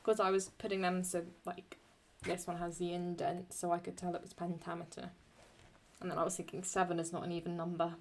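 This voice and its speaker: A woman teaching Latin poetic meter in a chatty way, thinking aloud and correcting herself, and reading Latin lines slowly and deliberately. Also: lowish voice, flat delivery, a little hiss or hum. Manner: slow, deliberate Latin recitation. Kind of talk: screen-recorded lesson.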